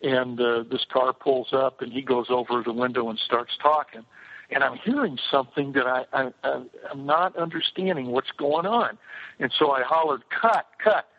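A man's voice: mid-range voice, normal speed. An older man, a film director, telling rambling behind-the-scenes stories with lots of fillers and restarts. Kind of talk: casual anecdotal storytelling. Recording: tinny phone-like line.

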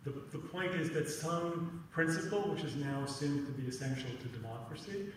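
A man giving a talk at a teach-in, halting and repeating words, with many ums and tag questions. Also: fairly high pitch, slight background noise. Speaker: teach-in speaker. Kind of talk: lecture with frequent fillers. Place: lecture room. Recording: echoey room, mic far off.

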